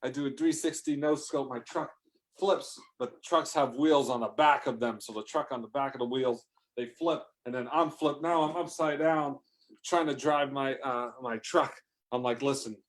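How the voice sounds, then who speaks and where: A man spins an absurd tall tale off the cuff, wandering from thought to thought and stopping himself mid-sentence. His voice is of middling pitch for a man, and he tells the story in casual, offhand talk. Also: moderate pace. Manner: rambling, self-interrupting, bursts into shouted lines. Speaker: comedic storyteller. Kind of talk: improvised comedic storytelling.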